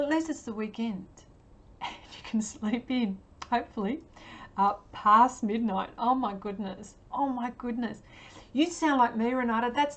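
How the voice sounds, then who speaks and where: An Australian woman chatting casually on a livestream as she paints, answering viewers with many ums and frequent laughs. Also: on the high side. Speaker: livestream artist.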